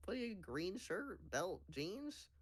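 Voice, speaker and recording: A man's voice: sits high, very animated, slow pace, breathy edge. A man co-commentating on a charity speedrun, chatting in a laid-back, joking way with frequent chuckles. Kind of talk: casual chat.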